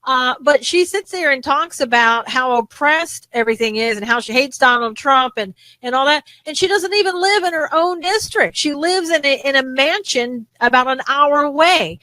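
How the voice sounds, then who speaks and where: A woman co-hosting a casual political talk show, talking in an animated, indignant way with frequent restarts. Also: high voice, moderate pace, hardly any pauses, no echo, poor audio. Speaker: co-host.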